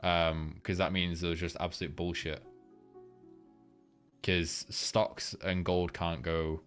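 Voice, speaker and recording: A man's voice: low-pitched, little pitch movement, takes it slowly, a bit bright, faint music behind. A young man hosting a casual live market breakdown, rambling loosely, swearing freely and filling gaps with ums while he reads chat. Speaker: trading livestream host.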